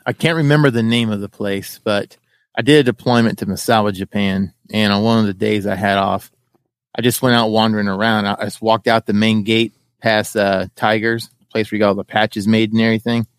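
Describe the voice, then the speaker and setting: A man's voice: lowish voice, steady tone, a little fast, smooth, no room sound. A man in casual podcast chat, recounting a memory step by step in detail.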